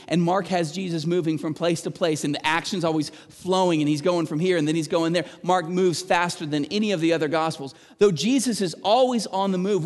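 Earnest preacher man in a reverberant hall. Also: on the high side. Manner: earnest, animated preaching that rises for quoted cries. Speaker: pastor. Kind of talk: sermon.

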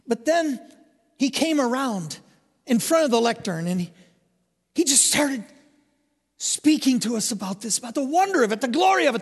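An older male pastor preaches with a high, lively voice that swoops through a wide range. He tells his story and presses his points with fervent emphasis. His words ring out in a reverberant hall. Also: gravelly. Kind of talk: sermon.

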